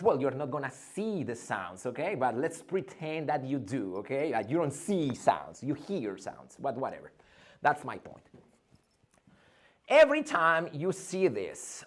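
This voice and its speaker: A male English teacher giving an energetic pronunciation lesson, theatrical and drilling sounds over and over. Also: fairly high pitch.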